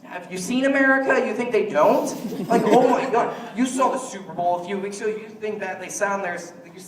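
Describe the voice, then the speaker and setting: A man with a high voice works through a stand-up comedy set, rambling from one joke to the next and slipping into mock quotes of other people. He is heard from some way off the mic in an echoey room. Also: fairly quick, recorded from a distance, crowd noise. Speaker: stand-up comic.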